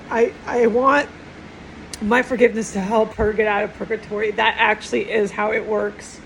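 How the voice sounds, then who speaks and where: A woman's voice: a little high, gravelly, slight background noise, poor audio. A middle-aged woman talking tearfully and in a rambling, upset way in a personal monologue, often trailing off and starting over.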